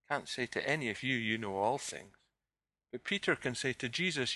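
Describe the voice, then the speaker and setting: A man's voice: mid-range voice, expressive, normal speed, bright, forceful tone, no echo. A man preaching a sermon, earnestly repeating questions to the listeners and dropping his voice to quote scripture.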